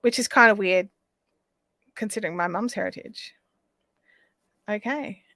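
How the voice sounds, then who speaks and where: A woman's voice: medium pitch, a little slow, bright, forceful tone, dry recording. An Australian woman hosting a live craft stream, chatting casually and rambling as she reads out viewer comments.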